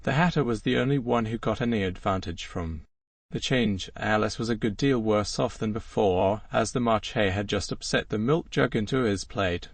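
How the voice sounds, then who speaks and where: A man narrating an audiobook in an even storytelling manner. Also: on the low side, moderate pace, no room sound, distant mic.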